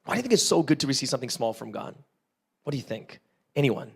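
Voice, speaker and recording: A man's voice: mid-range voice, fast, creaky, breathy edge. A man from Canada, preaching an interactive sermon. He tells stories with gusto, acts out small voices, puts questions to the congregation and keeps checking in with "right?". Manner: animated storytelling, constantly checks in with "right?". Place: church service.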